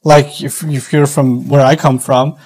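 A middle-aged man giving a sermon-style lecture, animated, acting out quoted voices as he teaches. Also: medium pitch, a little slow, breathy edge, low-quality recording. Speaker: Islamic speaker.

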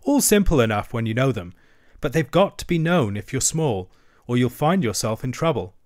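A man's voice: mid-range voice, big pitch swings, a little mellow, no room sound, clean studio sound, close to an everyday voice. A man voicing a good-natured, brave male water rat who talks soothingly in a storybook reading. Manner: soothing, brisk and reassuring.

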